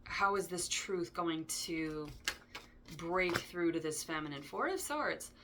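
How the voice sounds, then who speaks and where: A woman's voice: fairly low pitch, lively intonation, slow pace, background noise. A woman giving a casual tarot reading, chatty and digressive, with frequent ums and asides. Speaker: tarot reader.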